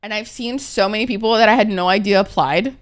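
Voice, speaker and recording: A woman's voice: mid-range voice, fast talker. A young adult woman streaming, chatting casually with her viewers in a playful, rambling, profane way, often laughing.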